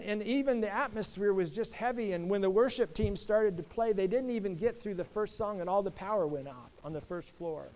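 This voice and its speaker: A man's voice: high voice, a little mellow, rough recording. A middle-aged man preaching a sermon, earnest and stumbling over repeated words as he starts phrases, putting questions to the congregation. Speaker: pastor.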